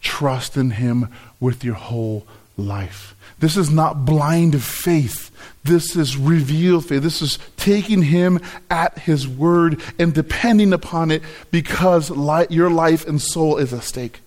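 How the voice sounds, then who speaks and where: A man's voice: a little high, slow, darkish tone. A middle-aged man preaching a sermon, telling a personal story and acting out his own reactions. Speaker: pastor.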